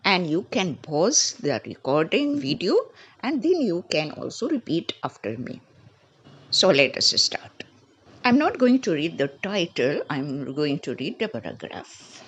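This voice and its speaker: A woman teaching a lesson, drilling pronunciation by repeating each word slowly. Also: lowish voice, very animated, muffled recording, a little hiss or hum. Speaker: English teacher. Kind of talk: spoken English lesson.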